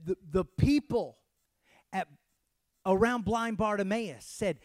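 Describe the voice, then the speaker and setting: A man's voice: high-pitched, lively intonation, unhurried, pauses often, no echo, studio quality. Dramatic Texas-born man preaching a sermon. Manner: dramatic, swings from hushed to shouting. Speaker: pastor.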